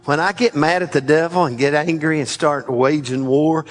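A man's voice: fairly high pitch, steady tone, normal speed. A man preaching a fiery, emphatic sermon, rallying the congregation with frequent exclamations.

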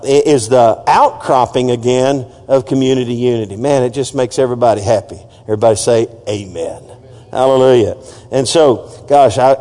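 A man preaching a sermon in a slightly high voice, leading call-and-response with the congregation and pressing each point with emphatic asides. His voice rings out with a long hall reverb, as in a church sanctuary. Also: warm tone. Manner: call-and-response, urging the congregation to repeat phrases. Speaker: pastor.

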